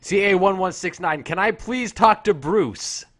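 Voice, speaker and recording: A man's voice: high voice, a little slow, fairly bright tone. A man playing a dogged, formal air traffic controller. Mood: insistent. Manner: formal, repetitive radio call signs, dry and insistent. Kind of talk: improvised comedy role-play over radio chatter.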